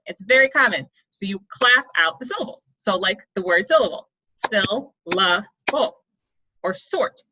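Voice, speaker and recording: A woman's voice: fairly high pitch, bright, forceful tone, dull audio. A woman coach teaching a chatty, upbeat online writing lesson, explaining step by step.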